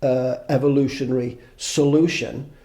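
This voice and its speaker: A man's voice: mid-range voice, fairly even intonation, normal speed, mellow. A man in his fifties, a podcast guest, chatting casually in a rambling way, swearing freely and making fun of himself. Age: 50s. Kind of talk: casual conversation.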